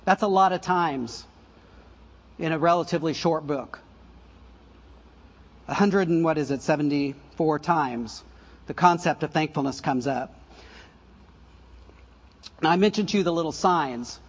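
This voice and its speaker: An older man preaching a conversational sermon, full of asides and self-corrections and soft laughs at his own stories. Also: on the high side, unhurried, pauses often, slightly rough, highs cut off. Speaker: pastor.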